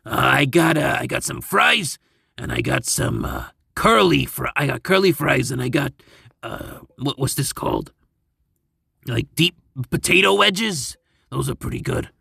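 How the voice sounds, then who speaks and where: A man voicing a stubborn plumber on his lunch break, in a slow, lowered voice. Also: wildly swooping pitch, vocal fry, sharp tone, slightly rough, dry recording, studio quality, heavily acted.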